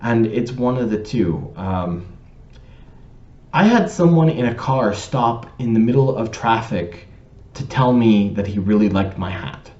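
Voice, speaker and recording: A man with a low, mellow voice rambles through a personal story, stopping to correct word choices and restarting his sentences. The recording sounds roomy and a little dull. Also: animated, measured pace. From Canada. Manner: pedantic, digressive, with many ums and restarts. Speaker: vlogger telling a personal story. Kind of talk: casual storytelling to camera.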